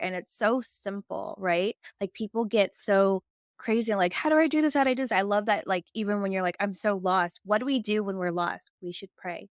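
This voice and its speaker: A woman hosting a faith and business podcast who sounds upbeat and affirming and is quick to agree with her guest. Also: mid-range voice, no echo, clean studio sound. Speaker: podcast host. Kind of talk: faith-based business interview.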